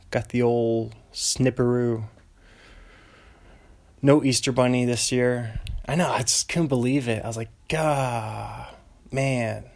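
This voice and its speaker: A man's voice: mid-range voice, darkish tone. A young man from Western Washington chatting alone in a meandering way, breaking off into tangents and giggly asides. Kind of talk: rambling solo casual chat.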